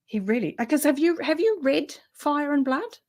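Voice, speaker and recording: A woman's voice: high voice, lively intonation, normal speed, a crowd in the background. Booktube host, woman, New Zealand accent, chatty and enthusiastic, on a video call. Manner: chatty and enthusiastic, laughs easily. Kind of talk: casual video chat.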